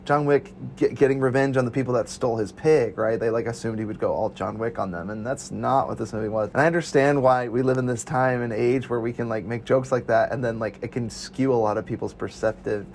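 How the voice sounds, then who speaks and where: A man's voice: mid-range voice, steady tone, brisk, gravelly, hardly any pauses, a little mellow, a little hiss or hum. Young man chatting casually about a film. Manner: laughs often, easygoing. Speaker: podcast co-host. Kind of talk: casual movie review chat.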